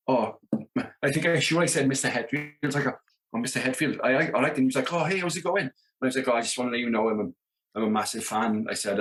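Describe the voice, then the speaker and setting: A South Welsh man in his thirties, a rock drummer telling tour stories as a podcast guest, acting out the dialogue with lots of "you know what I mean". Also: medium pitch. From Wales, Merthyr Tydfil area. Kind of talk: casual storytelling.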